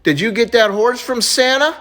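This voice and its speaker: A man voicing a cheeky, excitable young boy in a told joke, lifting his voice high and eager. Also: normal speed, exaggerated voice.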